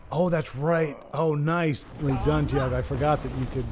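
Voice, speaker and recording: A man's voice: on the high side, steady tone, moderate pace, a crowd in the background. A man hosting a live stream, chatting with viewers and commentating a card game match in a rambling, self-mocking, jokey way. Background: background music.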